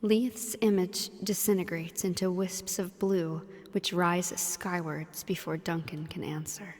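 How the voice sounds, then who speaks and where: A woman co-hosting a let's play, reading the game narration aloud in an even, measured way with casual asides. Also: lowish voice, in a large hall.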